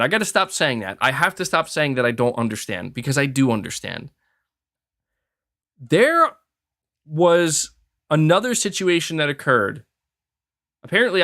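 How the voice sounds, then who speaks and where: A man hosting a gaming podcast, talking in a casual, animated rant and acting out quoted people. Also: a little high. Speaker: podcast host.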